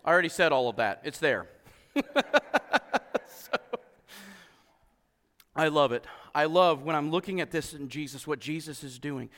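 A male pastor preaching an animated sermon, acting out voices and laughing often. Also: a little high, moderate pace, pauses often, in a large hall.

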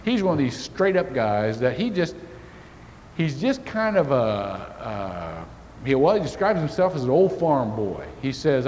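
A man preaching a sermon as pastor, telling a folksy story to make his point. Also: a little slow. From Indiana. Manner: folksy storytelling with lively shifts in pitch. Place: church sanctuary. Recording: church hall reverb, faint hiss.

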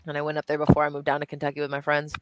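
A woman's voice: low voice, monotone, racing. A woman talking in casual chat on a podcast, eager to jump in with her own stories. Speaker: podcast guest.

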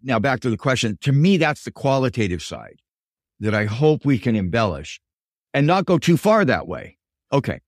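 An older man, a business professor and executive coach, answers as a guest in an interview at normal speed and a middle pitch. He is an animated storyteller who voices the dialogue of the people in his stories, and the recording is dry and close with no room sound.

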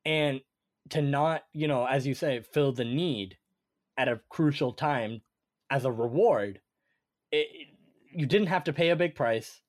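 A young man co-hosting a casual sports podcast, animated and thinking aloud with lots of fillers. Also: medium pitch, unhurried, no echo, clean studio sound. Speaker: podcast co-host.

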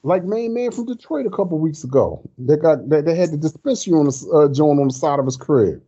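Mellow, husky man, lo-fi sound. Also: fairly high pitch, lively intonation, brisk. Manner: laid-back, slangy. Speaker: podcast co-host. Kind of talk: casual podcast chat. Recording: dull lo-fi sound.

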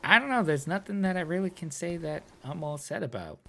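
Profane podcast co-host from New England, bright, jokey, riffs on bits. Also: male voice, fairly high pitch, lively intonation, brisk, slight background noise. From New England, USA. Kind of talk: casual chat.

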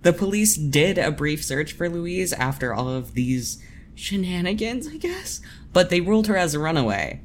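A podcast co-host narrating true crime in casual chat, with sarcastic, deadpan asides. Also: mid-range voice, normal speed, a little hiss or hum.

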